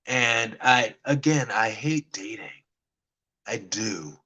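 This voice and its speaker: A man vlogging to camera, telling a personal dating story in a rambling way, stammering and restarting often and dropping into quiet murmured asides. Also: fairly low pitch, slow pace, breathy edge, lo-fi sound. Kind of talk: casual talk to camera.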